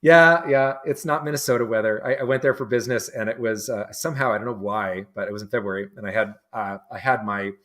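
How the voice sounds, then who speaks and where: A man from New England speaks with a fairly low voice in relaxed conversation. He circles his thoughts with frequent fillers and false starts, stacking repeated words before he lands a point. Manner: halting, many restarts and fillers. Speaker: interview guest. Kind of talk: casual conversation.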